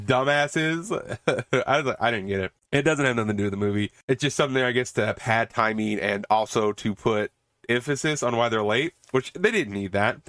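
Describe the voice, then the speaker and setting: Animated man recapping a movie, laughing. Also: mid-range voice, no echo. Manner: animated, laughing often, swearing, acting out lines from scenes. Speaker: podcast host reviewing a movie.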